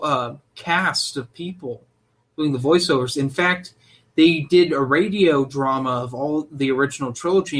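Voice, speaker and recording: A young man co-hosting a casual podcast, talking in an animated, opinionated way. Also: on the high side. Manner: animated, opinionated, jumps into loud mock voices. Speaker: podcast co-host.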